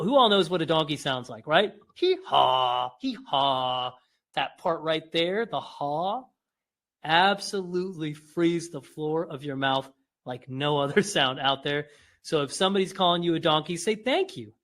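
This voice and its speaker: Male instructor with a slightly high voice, calm coaching tone, stretches out the demo sounds. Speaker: instructor guiding an exercise. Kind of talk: guided exercise instruction.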